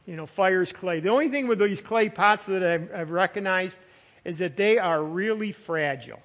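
A man with a high voice preaches a sermon, earnest and full of repetition. He often takes on the voice of a doubting listener. The sound rings with long reverb, as in a church hall. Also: a bit bright. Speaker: pastor.

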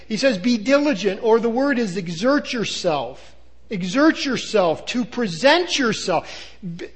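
An older man, a pastor, preaching a sermon in an animated way, with asides and acted-out quotes. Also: high voice.

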